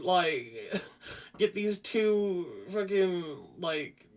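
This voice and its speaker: Brief: high-pitched male podcast host, swears constantly, rambles through a casual film review. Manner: profane, rambling, frequent restarts; grows loud and animated.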